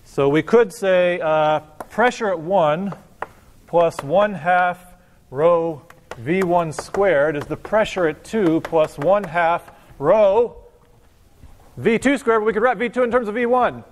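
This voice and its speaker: Man, physics professor, high voice, animated, joking, lecture hall with long reverb. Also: takes it slowly, slight background noise. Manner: animated and joking, talks to the class. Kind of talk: university lecture.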